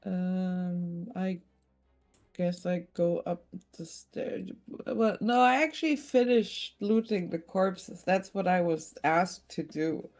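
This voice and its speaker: A woman's voice: fairly low pitch, takes it slowly, a little mellow, faint music behind. A woman playing in a tabletop game. She is hesitant and thinks aloud about her moves. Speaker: player. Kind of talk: casual tabletop play.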